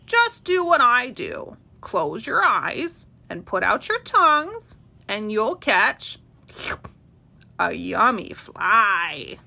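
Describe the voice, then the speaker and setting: Woman doing a croaky little frog. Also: medium pitch, very animated, pushed and bright, exaggerated voice. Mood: coaxing. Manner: croaky, slow, coaxing.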